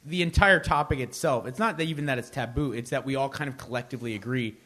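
A man guesting on a live podcast, telling stories in a loose, profane and animated way. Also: medium pitch, fast. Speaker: guest, former radio cohost. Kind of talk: casual live podcast chat. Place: live venue before an audience.

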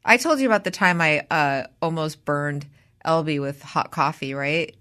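A woman co-hosting a podcast, chatting casually as a mother and acting out quoted lines in a high, animated voice. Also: moderate pace, clean tone. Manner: animated storyteller who acts out quotes in a high voice. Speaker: podcast co-host. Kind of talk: casual chat.

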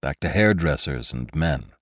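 A man's voice: very deep voice, expressive, a little slow, no room sound, studio quality, voice pushed down, heavily acted. A man voicing a weary, irritable male space traveler who snaps when pushed. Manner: tired and short-tempered, shouting in a crisis.

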